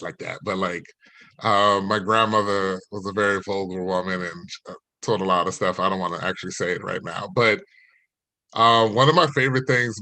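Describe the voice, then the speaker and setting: Man, stand-up comic, bright open tone, loose rambling delivery, laughs at his own lines, video call. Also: lowish voice, no echo. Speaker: stand-up comedian. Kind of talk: stand-up storytelling.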